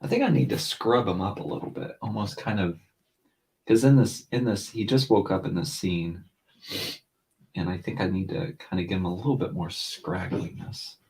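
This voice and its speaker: A middle-aged man chatting casually as a co-host while drawing, telling animated stories and mimicking voices. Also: moderate pace. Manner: animated storyteller, mimics voices with big pitch jumps. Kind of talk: casual chat.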